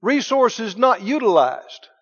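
A man preaching a sermon in a folksy way, dropping to hushed lines and rising to loud exclamations. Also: high voice, big pitch swings, slow, husky. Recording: dull lo-fi sermon recording.

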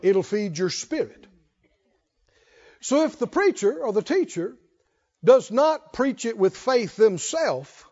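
A man preaching a sermon as pastor, calling for responses from the congregation and rising into shouts. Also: extremely high pitch, in a large hall, highs cut off.

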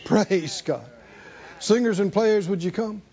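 A man's voice: high-pitched, takes it slowly, highs cut off. A man preaching a sermon in a church, calling on the congregation to answer back. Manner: animated call-and-response preaching. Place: church sanctuary.

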